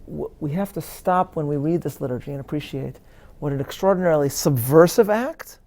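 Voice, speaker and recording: Gravelly-voiced rabbi, earnest and measured. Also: male voice, on the high side, a little mellow. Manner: measured and earnest, with emphatic stresses and frequent restarts. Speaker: rabbi giving a talk at a live interview. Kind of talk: thoughtful lecture-style answer.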